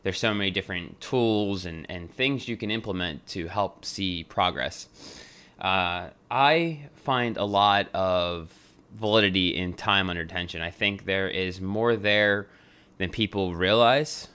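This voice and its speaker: Deep and smooth, this young man's voice moves at a measured pace and comes across pushed and bright. He's a podcast host running a casual monologue, joking around loosely and cursing without restraint.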